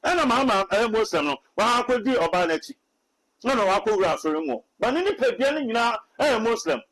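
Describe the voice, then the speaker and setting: A man's voice: sits high, animated, brisk, fairly bright tone, low-quality recording. A man with a Ghanaian accent, a self-styled prophet, giving preachy, repetitive commentary with many restarts. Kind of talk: animated Twi commentary mixed with English.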